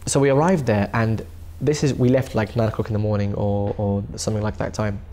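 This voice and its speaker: A man's voice: lowish voice, steady tone, brisk, dark tone. A man recounting his recitation tour in a documentary interview, earnest and often repeating and restarting words.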